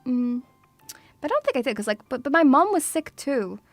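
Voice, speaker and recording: A woman's voice: high voice, big pitch swings, a little fast, soft background music. A woman streamer chatting casually and playfully with her viewers. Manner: playful, bubbly, teasing. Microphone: studio mic through audio mixer.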